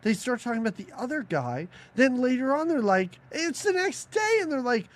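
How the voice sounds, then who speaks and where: A podcast co-host with a high voice chats casually about movies at a normal speed. Animated and mocking, they poke fun at scenes and act out quotes from them.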